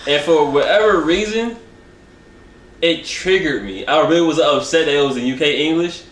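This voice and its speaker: Relaxed man telling a self-mocking story. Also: on the high side, normal speed, echoey room. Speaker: podcast co-host. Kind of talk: casual chat.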